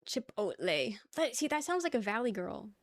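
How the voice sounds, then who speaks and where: A woman's voice: a little high, lively intonation, brisk, no echo. A young woman livestreaming casual chat with her viewers, rambling, laughing easily and swearing offhandedly. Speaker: livestream host.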